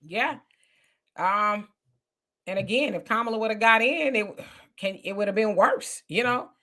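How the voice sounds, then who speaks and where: A woman's voice: medium pitch, normal speed, pushed and bright. A woman co-hosting a casual live stream, chatting loosely and reading out viewer donations and messages. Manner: loose, conversational, reads viewer messages aloud.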